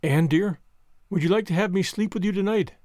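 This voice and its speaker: A man reading the part of a kind, gentle young woman, in a dry, close recording. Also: sits high, a little fast, no room sound, close to an everyday voice.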